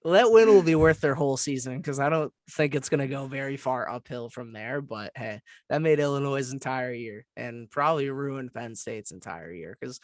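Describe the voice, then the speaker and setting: A man's voice: medium pitch, normal speed, few pauses, no echo. Young man chatting sports, dry mic. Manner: chatty, trails off and restarts. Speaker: podcast co-host. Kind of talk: casual sports chat.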